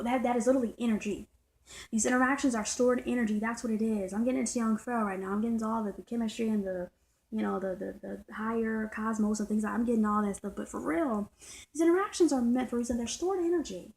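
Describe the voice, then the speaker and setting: A woman's voice: a little high, fast talker, darkish tone, rough recording. A woman vlogging in a casual, emphatic monologue, repeating and circling back over her points. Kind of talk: casual ranting monologue to viewers.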